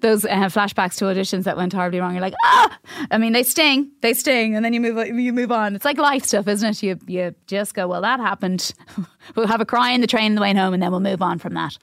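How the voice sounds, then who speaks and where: A woman's voice: mid-range voice, quick pace, dry recording, studio quality. A middle-aged Irish woman co-hosting a casual chat, chatty and jokey, laughing often. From Ireland. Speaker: podcast co-host, actress.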